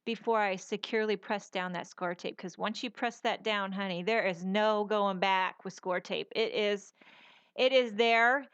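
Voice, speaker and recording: A woman's voice: mid-range voice, a little slow, a bit bright, clear, resonant tone, dry recording, lo-fi sound. A middle-aged woman hosting a casual papercraft tutorial, chatty and folksy, rambling with fillers as she works. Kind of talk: casual crafting tutorial voice-over.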